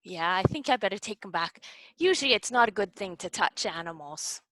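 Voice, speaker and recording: Lively bright-voiced woman reading to kids. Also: medium pitch, brisk, no room sound, poor audio. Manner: animated, coaxing, talks directly to kids. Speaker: children's library program host. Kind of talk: storytelling and songs for young children. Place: at home.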